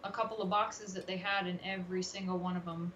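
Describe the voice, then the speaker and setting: A woman's voice: on the low side, fairly even intonation, fast, fairly bright tone, muffled recording, slight background noise. A woman chatting on a livestream and telling short stories with quoted asides. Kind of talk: casual livestream chat.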